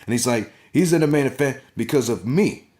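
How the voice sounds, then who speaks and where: A man's voice: medium pitch, animated, a little fast, a little mellow. A young man reviewing a wrestling show in a blunt, profane casual rant, often asking "you understand?".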